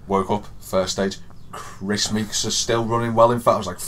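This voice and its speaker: A young man co-hosting a podcast, telling an excited story that swings from hushed to loud. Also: fairly low pitch, normal speed, crowd noise. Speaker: podcast co-host. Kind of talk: excited casual chat.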